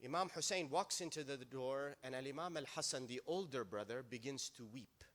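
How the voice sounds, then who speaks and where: A man preaching a sermon in a mosque, impassioned, swinging between raised and hushed delivery. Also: mid-range voice, brisk.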